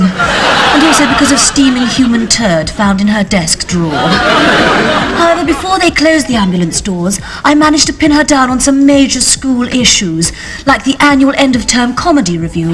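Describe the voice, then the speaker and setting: A woman's voice: on the high side, natural voice. A woman playing a priggish teenage head girl reading her diary aloud in clipped, self-important tones. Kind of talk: comic diary monologue.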